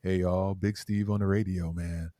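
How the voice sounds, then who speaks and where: A man voicing a smooth late-night male radio DJ who talks low, soft and slow. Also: level tone, no echo, studio quality, lightly acted. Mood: laid-back.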